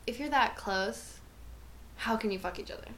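A woman hosting a podcast in casual chat, playful and quick to laugh. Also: a little high, fairly bright tone. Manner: laughs often, chatty, playful asides. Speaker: podcast host.

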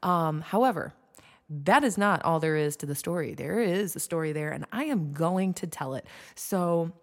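At a normal speed, a young US woman with a low, expressive voice talks casually on her own podcast. She's self-deprecating, uses many fillers, and frequently starts her sentences over.

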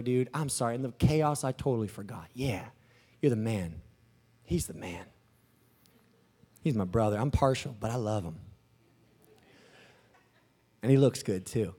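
A man preaching a sermon in an animated, joking, storytelling manner. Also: medium pitch, moderate pace, long pauses.

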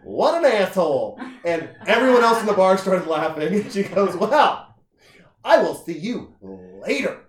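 A man's voice: sits high, very animated, measured pace, pitched above the performer's own voice. A man doing a gushing, tipsy young barfly. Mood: indignant. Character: chatty tipsy young woman at a bar. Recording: echoey room.

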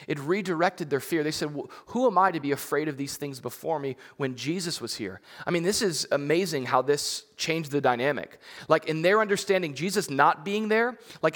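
A pastor giving a sermon in a conversational way, repeating words and building to emphatic, rising peaks. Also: male voice, fairly high pitch, a bit bright, in a large hall.

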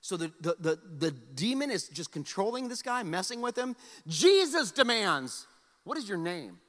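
A man preaching in a high, animated voice that swings widely in pitch. His tone is bright and forceful, and the sound carries the long reverb of a big church hall. He keeps a loose, joking delivery and repeats words as he restarts. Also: normal speed. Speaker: pastor. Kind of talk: sermon.

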